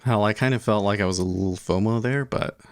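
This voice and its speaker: A man's voice: lowish voice, fast talker, dry recording, clean studio sound. A man hosting a day trading livestream, chatting casually and thinking aloud with frequent chuckles. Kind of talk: casual live trading commentary.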